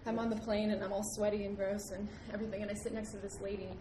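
A young woman tells a story in a lively, chatty voice. Her pitch sits in the middle range, and she laughs easily. The recording is roomy, with noise behind her. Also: very fast. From United States. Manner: animated, laughs often, acts out the people in her story. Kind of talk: casual storytelling.

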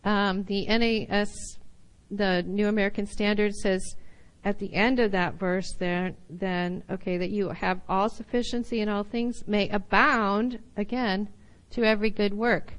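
A woman teaching a Bible lesson in sermon style, animated and laughing often, sometimes acting out little voices. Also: medium pitch, a little slow, clean tone, poor audio.

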